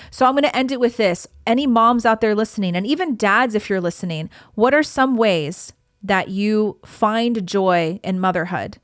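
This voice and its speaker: A woman's voice: mid-range voice, dry recording, studio quality. A young woman hosting a solo podcast, talking in an earnest, encouraging, conversational way while pregnant. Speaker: podcast host. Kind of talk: casual solo podcast talk.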